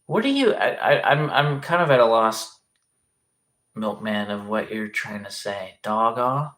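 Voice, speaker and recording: A man's voice: on the low side, lively intonation, a little slow, fairly bright tone. A man chatting casually on a livestream, reading comments aloud in a rambling, hesitant way and swearing often.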